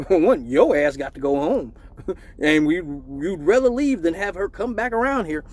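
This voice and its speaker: A man's voice: on the high side, expressive, unhurried, a little mellow. A man telling a raunchy comic story on a live stream, profane and laughing often.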